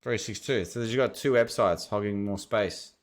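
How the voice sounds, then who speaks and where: Speaking at a normal speed in a lowish voice, this Australian man reviews websites as an SEO consultant. His screen-share commentary is casual, and he rambles as he thinks aloud.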